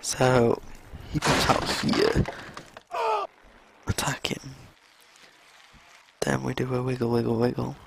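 A young man streaming a video game, reacting live with excitable exclamations and swearing at what happens on screen. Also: mid-range voice, slow pace, gravelly, long pauses, a little hiss or hum, rough recording. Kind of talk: live gameplay commentary.

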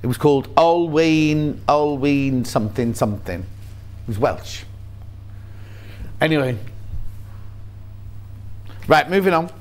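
A man's voice: on the high side, slow pace, pauses often. A man presenting on a shopping channel, chatting in a jokey, rambling way about fabrics and his cats. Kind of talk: casual chat. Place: TV studio.

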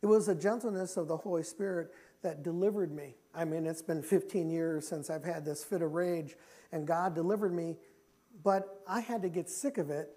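A man preaching a sermon as pastor, impassioned and repetitive, with swings between loud declarations and quiet confession. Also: high-pitched. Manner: confessional, quiet when telling his own story.

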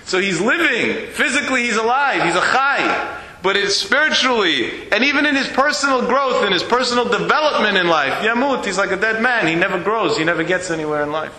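A man's voice: sits high, expressive, brisk, pushed and bright. A man, a rabbi, giving a storytelling sermon and acting out the dialogue in his tale with animation. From United States. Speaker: rabbi lecturer. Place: synagogue hall. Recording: echoey hall.

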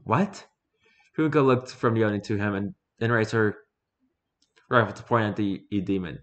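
A man narrating a story in a measured, low voice and performing the characters himself. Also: fairly bright tone.

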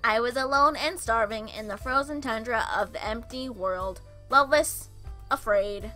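A huffy, sassy male robot bird, all melodrama and wounded pride, as a woman puts him on. The voice is high and bright, and he sulks through every line of the game. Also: moderate pace, faint music behind. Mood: sassy, melodramatic.

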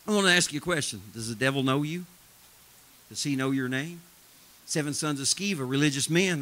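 A man preaching a live sermon in a church, telling stories in a folksy way, swinging from loud emphatic shouts to low, intense tones and laughing at his own stories. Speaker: traveling preacher. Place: church sanctuary.

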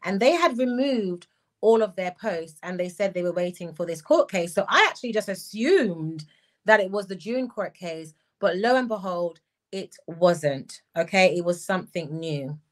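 A woman's voice: medium pitch, expressive, moderate pace. A woman hosting a live stream, reflecting at length and reading viewer comments aloud. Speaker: channel host.

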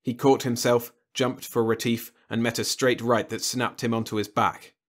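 A man reading a science fiction story aloud in lively, animated storytelling narration. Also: mid-range voice, moderate pace. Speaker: audiobook narrator.

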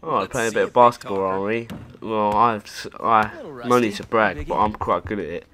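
A man's voice: lowish voice, brisk, a bit bright. A young man giving sarcastic, profanity-filled commentary while playing a video game. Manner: sarcastic, sweary running commentary. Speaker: gaming YouTuber. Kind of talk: gameplay commentary.

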